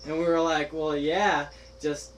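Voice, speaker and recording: A young man spins a story for his friends, voicing each person in turn and breaking into laughter. His voice sits a little high. A light background hiss runs under it. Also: unhurried, rough recording. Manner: animated, laughing, acts out quoted friends. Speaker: podcast host telling a story. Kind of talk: casual storytelling chat.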